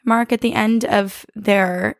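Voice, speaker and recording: A young woman chats with her co-host, her voice gravelly and worn almost to nothing. She talks fast and loose, laughing easily, recorded dry and close with no room sound. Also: mid-range voice, steady tone, dry recording. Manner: chatty, quick to laugh. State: nearly lost her voice. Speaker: podcast co-host. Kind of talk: casual chat.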